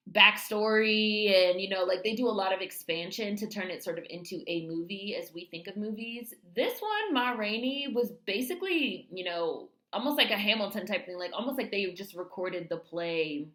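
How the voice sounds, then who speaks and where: A woman's voice: on the low side, fairly bright tone, echoey room. Candid, profane woman reviewing a film. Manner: candid, profane, filler-heavy. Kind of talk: casual film review vlog.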